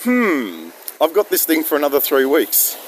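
A slightly high-voiced Australian vlogger rambles through a chatty, self-deprecating story outdoors in misty rain, wandering off on tangents. His pitch swings hugely at a normal speed, and the phone recording carries a little hiss or hum.

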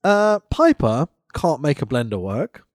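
A man co-hosting a podcast in casual comedic chat, sarcastic and quick to laugh. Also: mid-range voice, sing-song, no echo, studio quality. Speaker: podcast co-host.

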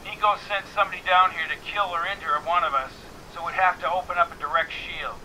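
A man reading a soft, shaky-voiced woman. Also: sits high, fairly even intonation, fast, slight background noise, rough recording. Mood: worried. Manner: soft, quiet and slightly shaky. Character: worried female crew member on a radio device. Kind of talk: audiobook character reading.

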